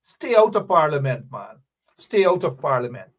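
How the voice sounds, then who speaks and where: A man with a Guyanese accent hosts a political commentary show in a fiery, scolding rant. His voice sits high and he fires off rhetorical questions. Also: very animated, normal speed, far from the mic. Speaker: host.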